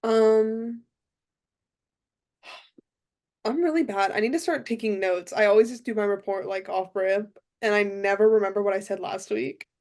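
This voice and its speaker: Rambling deadpan young woman podcaster. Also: medium pitch, unhurried, pauses often. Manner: deadpan, rambling with many fillers. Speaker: podcast co-host. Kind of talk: casual chat.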